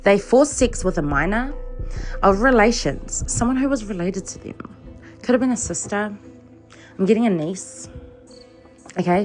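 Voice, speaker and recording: A woman giving a casual psychic reading, swearing freely, laughing often and checking in with "okay?" as she talks. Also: medium pitch. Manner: profane, laughs often, keeps asking "okay?". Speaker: psychic reader. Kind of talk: casual tarot reading monologue.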